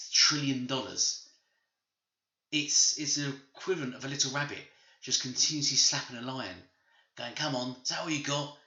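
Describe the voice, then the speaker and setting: A man's voice: mid-range voice, bright, forceful tone. A man hosting a gaming channel, ranting emphatically and repeating his points in opinionated commentary. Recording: roomy, slightly dull home recording.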